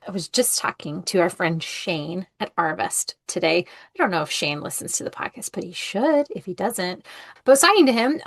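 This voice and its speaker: A woman with a mid-range voice chats easily on a podcast and shares a story in a conversational, friendly way. Her voice sounds dry and close, with no room echo. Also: medium pitch. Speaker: podcast co-host. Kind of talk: casual chat.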